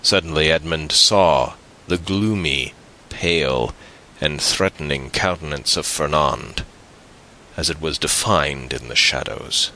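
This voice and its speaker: A male audiobook narrator with a deep, low voice and a bright, forceful tone. He reads a classic novel slowly, in a measured, deliberate manner. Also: slight background noise, rough recording. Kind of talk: scripted narration.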